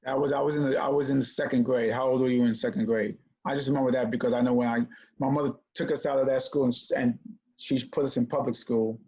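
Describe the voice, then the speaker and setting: A man telling a childhood story in a conversation, animated as he acts out the voices of the people in it. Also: mid-range voice, quick pace. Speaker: comedian guest. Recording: dull lo-fi audio.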